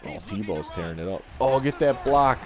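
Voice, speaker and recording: A man with a Chicago accent commentating casually as he plays a football video game, chatty and relaxed as he reacts to plays and viewers. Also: medium pitch, normal speed, crowd noise. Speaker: gaming channel host.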